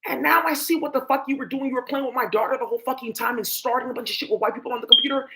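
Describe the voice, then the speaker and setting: A woman's voice: high voice, steady tone, racing, few pauses, bright, forceful tone. A woman vlogger talking to camera in a rambling, emphatic monologue full of swearing.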